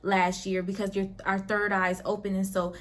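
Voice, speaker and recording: A woman's voice: mid-range voice, level tone, normal speed. A woman in her twenties hosting a show, giving a casual, slangy spiritual pep talk and leading a guided meditation with frequent laughter. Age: 20s. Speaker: host.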